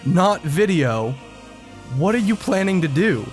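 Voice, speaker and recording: A man's voice: sits high, big pitch swings, measured pace, faint music behind. A man co-hosting a podcast in casual chat, mocking his friends with playful exasperation. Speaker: podcast co-host.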